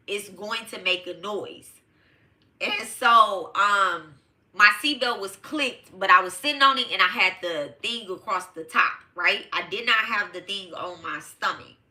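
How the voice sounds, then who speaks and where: A woman's voice: medium pitch, sharp tone. A middle-aged woman from Detroit telling a personal story to her live audience in a casual, emphatic and profane way, calling them y'all. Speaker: host of a live tarot show.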